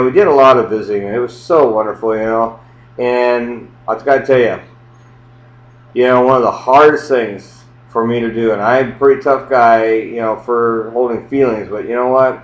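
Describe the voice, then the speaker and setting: A man in his sixties tells his own life story in a casual, rambling, heartfelt way, full of "you know" and "I mean.". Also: mid-range voice. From United States. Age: 60s. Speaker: adoptee telling his story. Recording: roomy, dull lo-fi home recording.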